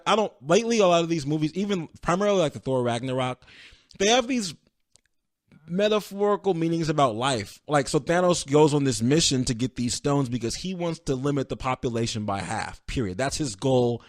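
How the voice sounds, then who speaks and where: A man hosting a podcast, telling a movie plot in an excited, animated way and acting out the characters' lines. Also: mid-range voice, no room sound, clean studio sound. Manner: excited, animated storytelling with voiced quotes. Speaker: podcast host. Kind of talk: casual solo movie review.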